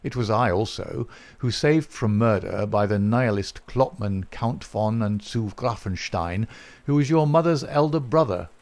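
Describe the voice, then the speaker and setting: A composed gentleman detective speaks with measured courtesy and dry irony, as a male reader brings him to life. He delivers each line slowly and evenly, never raising his voice. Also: fairly low pitch. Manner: measured, courteous and dryly ironic. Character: calm wry gentleman detective, male, middle-aged.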